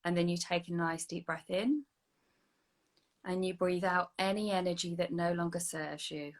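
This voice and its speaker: Soft-voiced woman leading a meditation. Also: on the low side, fairly even intonation. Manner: slow, soothing guiding voice that drops to a soft whisper. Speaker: energy healing practitioner. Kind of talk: guided meditation. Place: online video session.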